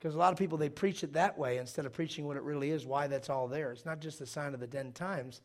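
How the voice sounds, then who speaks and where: A middle-aged man preaching a sermon, his voice a bit high for a man. He tells stories with an animated, jokey delivery and acts out the people he quotes. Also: fast. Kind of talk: sermon with storytelling.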